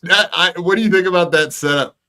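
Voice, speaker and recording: A man's voice: high voice, brisk, pushed and bright. A man hosting a podcast, chatting casually and teasing his co-hosts while reacting to a video. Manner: rambling, teasing. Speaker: podcast host.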